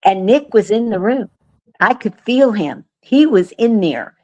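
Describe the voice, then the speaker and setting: Lady telling a story real slow on a call, earnest, lots of um's. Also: mid-range voice. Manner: earnest, animated, lots of 'um' and 'I said'. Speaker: guest. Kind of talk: casual storytelling. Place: remote call.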